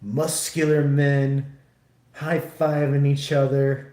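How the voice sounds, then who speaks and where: A man's voice: mid-range voice, little pitch movement, slow, mellow, echoey room. A man livestreaming while he builds a model kit, chatting casually in a rambling, profane way with lots of restarts.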